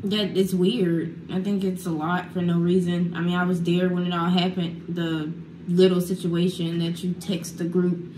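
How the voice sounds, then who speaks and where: A woman's voice: on the low side, a little mellow, slight background noise. Frank young woman in an echoey room. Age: young adult. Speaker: guest, the speaker's daughter.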